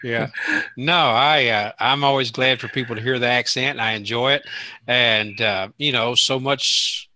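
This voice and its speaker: A man with a slight Southern American accent and a very bright, sharp-edged voice. He co-hosts a relaxed chat show in a self-deprecating, chuckling way. The recording is dry and close. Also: medium pitch, measured pace, no room sound. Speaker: co-host. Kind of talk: casual chat.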